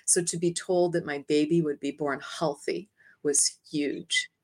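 Lower-voiced woman telling her story. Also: unhurried. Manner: lively, acts out her own past words; laughs lightly between phrases. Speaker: interview guest, energy healer. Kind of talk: personal storytelling.

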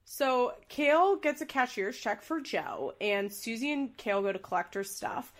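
A woman's voice: on the high side, a little slow. A young woman co-hosting a casual podcast chat, recapping a reality show and acting out quotes with big voices. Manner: animated, acts out quotes with big voices and laughs. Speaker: podcast co-host.

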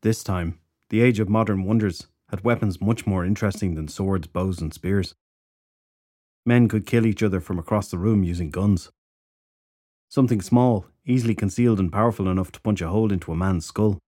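Low-voiced male audiobook narrator. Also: fairly quick, mellow, dry recording, studio quality.

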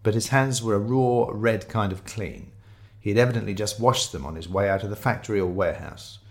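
A man's voice: fairly low pitch, a little fast. A man reading a first-person mystery story aloud, descriptive and wry in his storytelling. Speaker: narrator.

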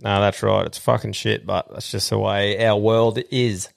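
A man's voice: on the low side, little pitch movement, normal speed, creaky. An Australian man hosting a podcast, talking bluntly and swearing in casual banter. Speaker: podcast host.

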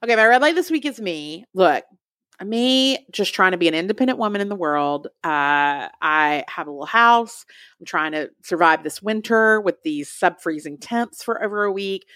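A young woman co-hosts a podcast in casual chat, telling a story in an animated way and acting out quotes in other people's voices. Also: on the low side, moderate pace, dry recording, studio quality. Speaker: podcast co-host.

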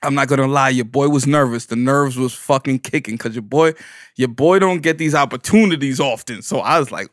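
Animated, profane Bronx storyteller. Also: male voice, mid-range voice, a little fast, no echo, clean studio sound. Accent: New York Bronx. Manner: animated, profane, slangy, riffing on his own jokes. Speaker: stand-up comedian. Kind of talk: comedic storytelling monologue.

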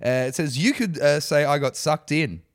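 A man's voice: fairly high pitch, moderate pace, no room sound, clean studio sound. A young man co-hosting a podcast in casual, sweary banter, laughing often and reading out a story. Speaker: podcast co-host.

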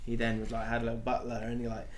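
A man's voice: medium pitch, monotone, racing. A young man co-hosting a casual football podcast, joking and playfully teasing his friends. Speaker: podcast co-host. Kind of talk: casual chat.

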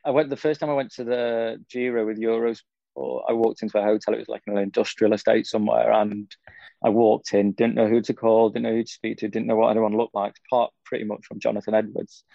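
Gravelly, low-key young Englishman. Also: flat delivery, fast talker, mellow, no room sound, lo-fi sound. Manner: easygoing, rambling, frequent fillers. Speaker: cycling pundit guest. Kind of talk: casual interview chat.

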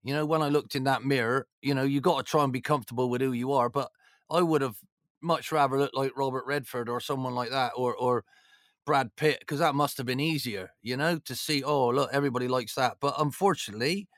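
A man's voice: mid-range voice, fairly quick, a bit bright, dry recording, studio quality. A man, a former football manager, chatting in an interview, rambling and jokey with lots of "you know"s. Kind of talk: casual storytelling chat.

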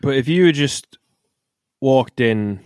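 A man co-hosting a casual chat podcast, asking quick questions and swearing in short reactions. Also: mid-range voice, expressive, a little mellow, dry recording, studio quality. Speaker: podcast co-host.

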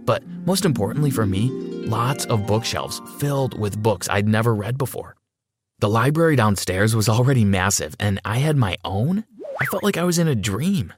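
A man narrating a first-person story in an expressive storytelling manner. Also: lowish voice, moderate pace, over music.

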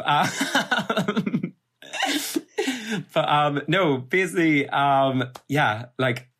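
A man's voice: on the high side, animated, extremely slow, fairly bright tone. A young man hosting a casual podcast, rambling with lots of fillers, swearing and laughing. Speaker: podcast host. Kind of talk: casual chat.

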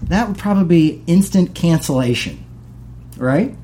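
A man's voice: a little high, animated, normal speed, mellow, slight background noise. A man preaching a casual, conversational sermon as pastor, acting out the voices of the people he quotes.

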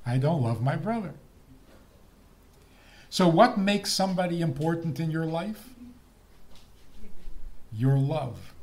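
A man's voice: on the high side, a little mellow. A man giving a humorous lecture on marriage, playful and chuckling at his own jokes.

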